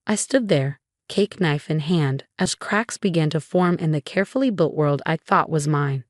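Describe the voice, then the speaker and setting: Low-voiced woman narrating dramatically. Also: moderate pace, few pauses, no echo, clean studio sound. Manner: emotional, dramatic delivery. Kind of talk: dramatic first-person story narration.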